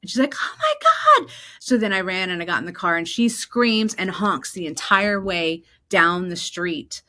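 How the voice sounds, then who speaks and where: A woman from New Jersey hosting her own podcast, telling personal stories in an animated way and acting out the voices of the people in them. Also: fairly low pitch, normal speed. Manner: animated, acts out quoted voices. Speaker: podcast host. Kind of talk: personal storytelling.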